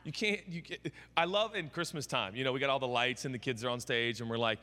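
A male pastor giving a sermon, telling the story with comic, animated energy in a large church hall with long reverb. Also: medium pitch, fast talker.

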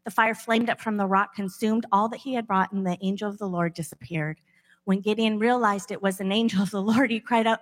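A woman's voice: medium pitch, brisk. A woman preaching a sermon in a casual, conversational way, retelling bible stories with acted voices. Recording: long echo of a large hall.

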